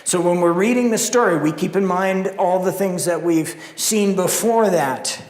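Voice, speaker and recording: A male pastor preaching a sermon in a church, animated and acting out the story in character voices. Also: high-pitched, unhurried, reverberant, in a large hall, rough recording. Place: church sanctuary.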